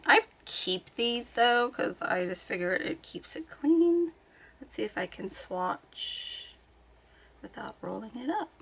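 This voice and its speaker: A woman's voice: on the high side, fairly bright tone, slightly rough. A woman vlogging from her bed at home, chatting casually, thinking aloud and laughing often. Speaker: beauty vlogger. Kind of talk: casual chat.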